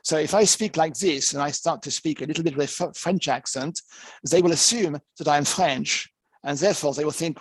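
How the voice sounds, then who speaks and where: A man with an English accent giving an online lecture over a video call, in a steady, explanatory way. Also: a little high, brisk, slightly rough, dry recording, rough recording.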